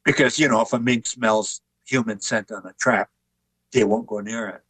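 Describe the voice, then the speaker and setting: A man's voice: on the low side, normal speed, breathy edge, dry recording, poor audio. Older man telling dry, wry stories. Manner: relaxed, anecdotal, wry humor. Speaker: author and artist guest. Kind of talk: conversational interview storytelling.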